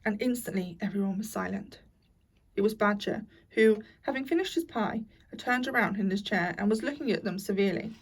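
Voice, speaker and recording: A woman narrating a classic children's story aloud, in a lively, expressive reading style. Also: mid-range voice, husky, recorded from a distance, rough recording.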